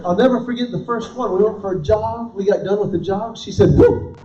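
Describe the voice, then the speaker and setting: A man's voice: sits high, quick pace, warm tone. A middle-aged male comedian telling punchy, self-deprecating stories to a live crowd and tossing questions to the audience. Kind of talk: stand-up storytelling. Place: event hall. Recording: roomy, distant, dull live recording.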